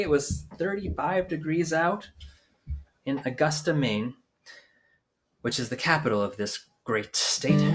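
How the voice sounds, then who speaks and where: Guy doing a kids music class from home, slow and easy talk, keeps bursting into a goofy song, mic on a stand. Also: a little high, fairly bright tone. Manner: playful, sings a silly song between explanations. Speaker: children's music teacher. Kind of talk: live-streamed kids' music lesson with singing. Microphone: microphone on a stand.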